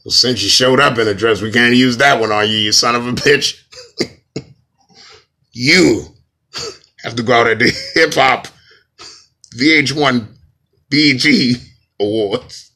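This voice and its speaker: A man voicing a commanding, menacing male secret-society figure who talks loudly and bossily. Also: medium pitch, slow pace, long pauses, full character voice. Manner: loud, bossy, breaking into laughs.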